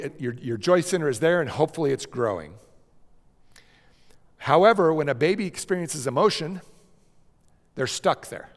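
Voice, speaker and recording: A man giving a gentle slide lecture on how children learn to handle emotions, often checking in with "okay?" and softly acting out a comforting parent. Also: mid-range voice, long reverb tail. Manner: drops to a soft cooing voice when acting out a parent. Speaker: speaker teaching about emotions.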